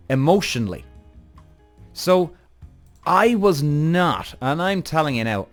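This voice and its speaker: A man hosts a podcast, telling a story with a lively, swinging voice that climbs fairly high. He swears freely and talks straight to his listeners. Faint music plays behind him. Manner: animated, addresses audience directly, frequent swearing and acted-out quotes. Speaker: podcast host.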